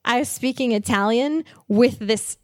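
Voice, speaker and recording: A woman chatting as a guest on a travel talk show, animated and laughing often as she tells stories. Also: fairly high pitch, a little slow, dry recording, clean studio sound. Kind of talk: casual conversation.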